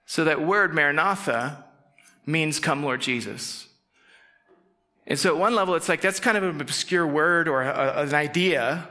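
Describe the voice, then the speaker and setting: Bright, lively-voiced male preacher. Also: fairly high pitch. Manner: conversational, acts out quick quoted voices, drops to soft intense tones. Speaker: pastor. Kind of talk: casual sermon.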